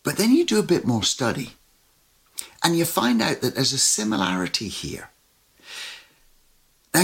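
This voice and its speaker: Man preaching, husky, animated storytelling delivery. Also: mid-range voice. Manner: animated, lively storytelling with sudden loud and soft turns. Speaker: pastor. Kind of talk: sermon.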